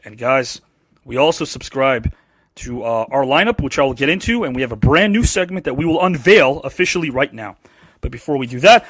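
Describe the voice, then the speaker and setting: Man, podcast host, emphatic, hyped, fast talker, dry close sound. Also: fairly high pitch, very animated, a bit bright, dry recording. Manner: emphatic, hyped, rhetorical questions. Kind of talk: live podcast show opening.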